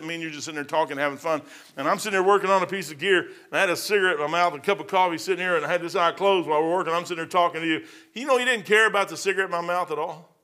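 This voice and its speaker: A man's voice: a little high, pushed and bright. A man preaching informally, rambling through personal stories in a folksy way, often repeating words and acting out conversations.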